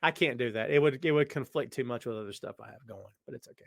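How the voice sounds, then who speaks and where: A man hosts a live stream at an easy conversational pitch, his voice worn and tired. He rambles and jokes straight at his viewers, and the sound is dry and close. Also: fast talker, gravelly, few pauses, fairly bright tone, dry recording. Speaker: podcast host. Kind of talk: casual live-stream chat. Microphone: webcam setup.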